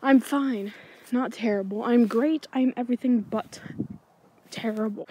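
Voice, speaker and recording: With a moderate pace, a darkish tone, and a slightly high voice, a woman rambles in a casual nighttime vlog, easily distracted. She sits on a cold backyard swing filming with a handheld iPod camera, and a bit of hiss or hum comes through.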